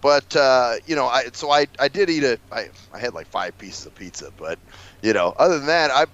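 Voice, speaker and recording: A man's voice: mid-range voice, animated, a little fast, a bit bright, muffled recording. A man telling a long casual story to his co-host, rambling, swearing and calling him dude. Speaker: podcast co-host. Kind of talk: casual chat.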